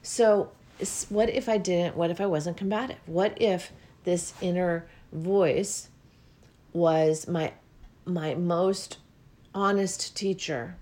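A woman gives an earnest, repetitive spiritual talk about listening to the body, her voice rising with feeling and sometimes close to tears. She speaks slowly in a lowish, slightly mellow voice.

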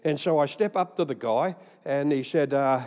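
An Australian man preaching with a slightly high voice, his words ringing out with a long hall reverb. He spins rambling, jokey stories as a pastor and laughs at his own punchlines. His sermon sounds like a live talk to a crowd. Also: moderate pace, a little mellow. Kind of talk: humorous storytelling sermon.

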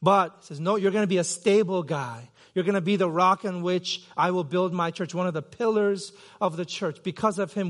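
Pastor, male, middle-aged, from Korea: a relaxed, chatty sermon voice sitting high in the register, trailing off into fillers. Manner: conversational, self-deprecating with many fillers and restarts. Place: church sanctuary.

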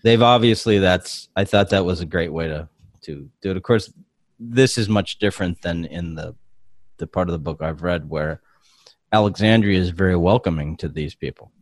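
A man's voice: sits low, moderate pace, no room sound. A man hosting a podcast, recapping episodes in a rambling casual way with many fillers. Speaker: podcast host. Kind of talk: casual chat.

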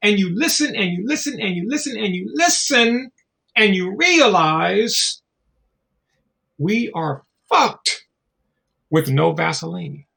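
A middle-aged man talking in a loose, casual conversation. His pitch swings widely as he tells stories, drops into slang and swearing, and mimics the people he quotes. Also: takes it slowly, vocal fry, pauses often. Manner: animated storytelling, slangy and profane, acts out voices.

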